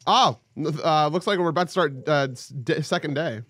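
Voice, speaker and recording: A man's voice: fairly high pitch, moderate pace, slightly rough, dry recording. A young man casually commentating his gameplay, joking and yelping at sudden moments. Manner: excitable, joking, with sudden yelps. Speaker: let's play host.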